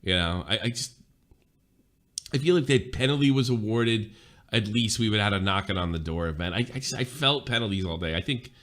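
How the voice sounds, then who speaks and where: Low, lively, bright-voiced man. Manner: chatty, laughs easily, quick asides. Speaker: podcast co-host. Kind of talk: casual sports commentary.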